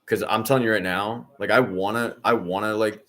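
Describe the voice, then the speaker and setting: A young adult man talks into his stream mic, his voice sitting a little low. He scolds a chat troll with sarcastic, repetitive jabs, all while insisting he's perfectly calm. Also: brisk. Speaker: watch-along streamer.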